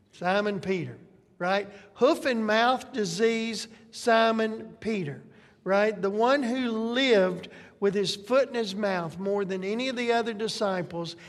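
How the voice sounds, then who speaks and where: Slow, conversational preacher in a reverberant hall. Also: mid-range voice. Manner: conversational, checks in with tag questions. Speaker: pastor. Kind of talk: sermon.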